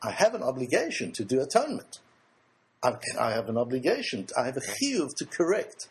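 A man's voice: mid-range voice, wildly swooping pitch, a little fast, husky. A man teaching a religious lecture to a group, asking rhetorical questions and answering them himself, earnest and emphatic.

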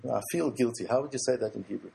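A man's voice: mid-range voice, quick pace, gravelly, mellow, a little hiss or hum. A man teaching a religious lecture to a group, asking rhetorical questions and answering them himself, earnest and emphatic.

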